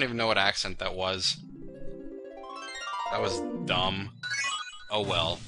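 A man's voice: low voice, steady tone, slow pace, pauses often. A young man hosting a let's play, rambling through casual gameplay commentary with offbeat, self-mocking humor, over game music.

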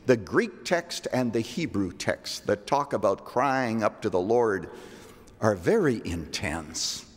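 An older man preaching a sermon as a pastor, slowing down to stress scripture verses with emphatic delivery. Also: fairly low pitch, expressive. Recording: long reverb of a large hall.

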